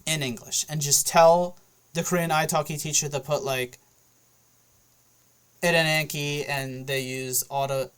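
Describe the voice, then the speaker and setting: A man's voice: fairly high pitch, a bit bright, clean tone. A man talking casually straight to the camera in a loose, rambling monologue full of fillers. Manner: loose, filler-heavy, often checks in with "okay?". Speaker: vlogger.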